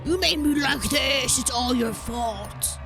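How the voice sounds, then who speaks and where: A woman voicing a menacing demonic entity pounding at a door, her voice gravelly and drawn out, with game music playing behind. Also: high voice, takes it slowly, heavily acted. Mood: accusing.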